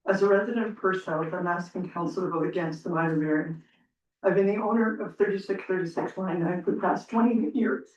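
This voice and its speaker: A woman's voice: on the low side, fairly quick. A woman resident making an earnest, pleading comment at a council meeting, close to tears. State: near tears. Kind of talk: emotional public comment. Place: council chamber. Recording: distant, roomy and dull public meeting recording.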